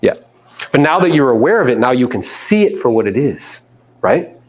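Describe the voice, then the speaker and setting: Man, real estate coach, live seminar talk, animated, casual swearing, middle pitch. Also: moderate pace.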